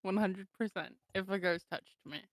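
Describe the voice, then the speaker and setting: A young woman co-hosts a casual podcast, giggling and rambling with lots of filler words. Her voice is medium-pitched and she talks at a normal speed.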